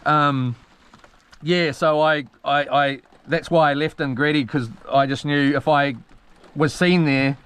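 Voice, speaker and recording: A slangy New man rambles through old stories for his live-stream viewers, full of ums, false starts and tangents. His voice sits a little high for a man and comes through smooth and clear. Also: a bit bright. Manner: meandering storyteller with many ums and restarts, slangy. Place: on a boat at sea.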